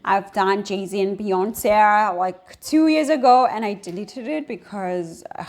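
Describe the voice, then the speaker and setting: A woman's voice: mid-range voice, slow pace, a little mellow. A woman hosting her own astrology channel, talking in a rambling, casual monologue full of fillers and rhetorical asides. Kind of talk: casual unscripted video monologue.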